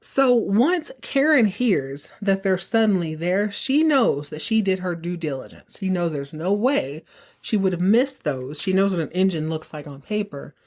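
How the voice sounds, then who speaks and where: A woman hosting a podcast, recapping episodes in a chatty, sassy way with quick asides. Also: lowish voice, expressive, a little mellow. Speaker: podcast host.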